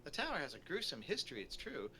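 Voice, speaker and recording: A man's voice: a little high, huge pitch swings, fast talker, pushed and bright, a little hiss or hum, pitched above the performer's own voice, heavily acted. A man voicing a pompous male tour guide who lectures on history. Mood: lecturing.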